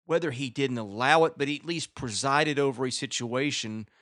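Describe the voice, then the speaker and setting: A man hosting a radio show, reading listener questions in a plain, measured way. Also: medium pitch, fairly bright tone, no echo, clean studio sound. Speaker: radio host. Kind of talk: radio interview.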